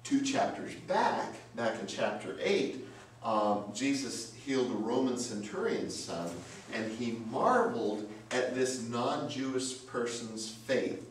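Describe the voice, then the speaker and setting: Male pastor, sermon, emphatic, rhetorical questions, lively pitch, very echoey church, distant mic. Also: takes it slowly. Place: church sanctuary. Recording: very echoey church, mic from afar, faint noise.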